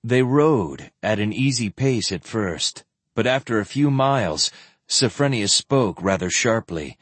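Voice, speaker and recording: A man reads a fantasy audiobook with a husky, slightly grainy voice, his pitch rising and falling in a lively way across each sentence. The sound is close and dry, with no room around it. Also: a little slow, no room sound. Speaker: narrator. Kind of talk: audiobook narration of fantasy novel.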